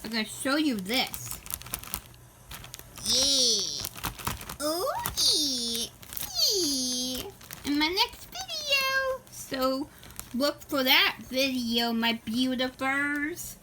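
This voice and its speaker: A woman's voice: high voice, big pitch swings, very slow, very noisy. A woman vlogging at home, talking to her cat in doting baby talk with sing-song repetitions. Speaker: pet vlogger. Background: soft rain sound playing.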